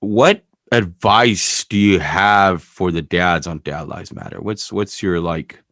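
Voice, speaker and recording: A podcast host talks candidly in a rambling, casual way, swearing freely. His voice sits low and is a bit bright, his pace slow, and the recording is studio quality with no echo.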